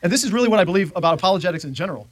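A man teaching a church Bible class with a fairly high voice. He talks in a conversational way and keeps checking that his listeners follow. The sound is dry and close, with little room echo. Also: expressive, very fast.

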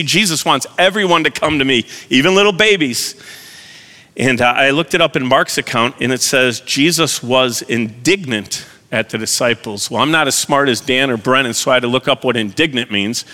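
Preacher guy talking to his church, folksy and plainspoken, bright tone, long hall echo. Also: mid-range voice, animated, moderate pace. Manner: folksy, conversational, self-deprecating. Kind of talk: sermon.

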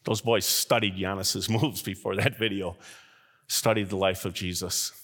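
A middle-aged man preaching a sermon as pastor, his voice rising sharply at points of emphasis, with frequent chuckles mid-sentence. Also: normal speed. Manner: animated, with sudden rises in pitch and loudness.

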